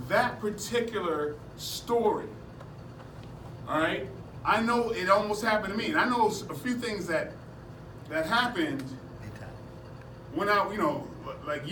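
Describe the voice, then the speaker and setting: A man with a notably high voice tells animated stories to a class, laughing often as he goes. He sounds distant from the mic in an echoey room. Steady background noise runs under him. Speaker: martial arts seminar instructor. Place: indoor seminar room at a convention.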